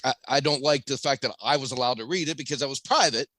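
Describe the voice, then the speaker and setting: A man co-hosting a sports podcast, rattling off his opinions at a very fast clip with a wry edge. The recording is dry and close. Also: medium pitch, pushed and bright, dry recording. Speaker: podcast co-host. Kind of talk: casual sports talk.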